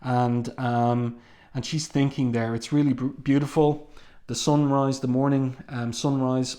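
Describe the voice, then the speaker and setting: Halting man reviewing comics. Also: mid-range voice, level tone, dark tone. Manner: halting, with many ums and restarts. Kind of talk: casual read-along review.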